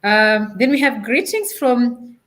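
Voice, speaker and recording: A woman's voice: on the high side, expressive, slow pace, a bit bright, rough recording. A woman from Africa hosting a live-streamed talk show, chatty, laughing often as she reads out greetings from viewers. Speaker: host.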